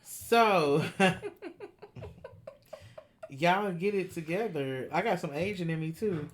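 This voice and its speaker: A woman chatting casually on a podcast, laughing often and reading out figures slowly. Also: fairly low pitch, a little hiss or hum. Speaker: podcast co-host. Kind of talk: casual chat.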